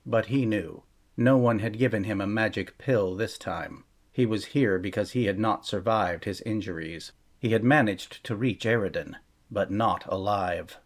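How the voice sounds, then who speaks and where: A man narrating a fantasy novel chapter in a measured, steady storytelling voice. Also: lowish voice. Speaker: audiobook narrator. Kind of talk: scripted fantasy audiobook narration.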